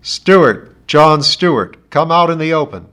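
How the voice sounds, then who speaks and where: A man voicing a commanding male officer who booms orders from a ship in a loud, authoritative way. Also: normal speed, natural voice.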